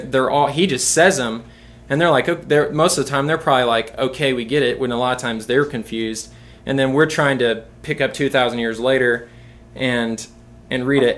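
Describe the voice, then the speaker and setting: A man's voice: medium pitch, fairly bright tone. A young man giving an informal sermon to a youth group, rambling and repeating words as he restarts his sentences.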